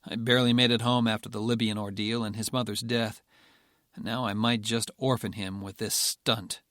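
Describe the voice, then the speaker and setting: A man as a calm, stubborn general. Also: fairly low pitch, normal speed, dry recording, clean studio sound, lightly acted. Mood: determined. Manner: calm, clipped and determined. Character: stubborn, resolute male Air Force general.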